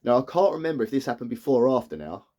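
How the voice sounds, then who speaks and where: Male TV reviewer, choked up, retells scenes loosely and voices the characters, mid pitch. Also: sing-song, racing, mellow. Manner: rambling retelling that acts out characters' lines. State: tearful, emotional. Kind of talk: emotional episode recap.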